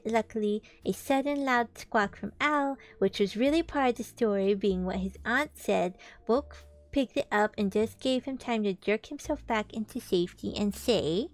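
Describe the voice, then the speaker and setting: A young woman streamer reading a storybook aloud, animated, with chatty asides to her viewers. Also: on the high side. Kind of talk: casual read-aloud stream. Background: faint background music.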